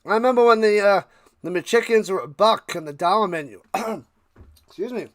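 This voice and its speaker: A man streaming live play-by-play of a football game, chatting casually with viewers and getting loud on big plays, with a tickle in his throat. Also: high voice, no echo, clean studio sound. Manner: thanks chat viewers by name between game calls; rises loud and fast calling big plays. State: clearing his throat and coughing.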